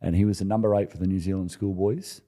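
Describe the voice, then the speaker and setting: A man in his forties with an Australian accent, a former rugby player telling stories in a relaxed podcast interview, often restarting and chuckling. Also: low-pitched, fast. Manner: laid-back, chuckling anecdotes with many restarts. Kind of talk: casual storytelling interview.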